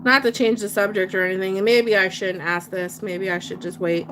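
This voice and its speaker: A woman's voice: mid-range voice, steady tone, a little fast, background noise. A woman from Pennsylvania hosting a craft livestream, chatting casually and playfully with her viewers. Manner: chatty, whiny and playful, talks to chat and her dog. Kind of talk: casual live chat while crafting.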